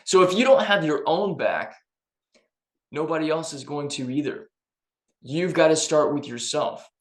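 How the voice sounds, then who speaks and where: An emphatic man gives a motivational talk straight to his listeners in a friendly, conversational tone. His voice sits a little high, and the room around him rings with noticeable echo. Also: lively intonation, measured pace. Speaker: personal development vlogger.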